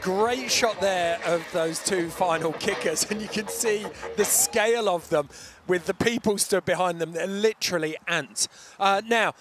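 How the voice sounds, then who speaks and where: A man commentating live at a bike event, brisk and explanatory with a joking edge. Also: sits high, a little hiss or hum.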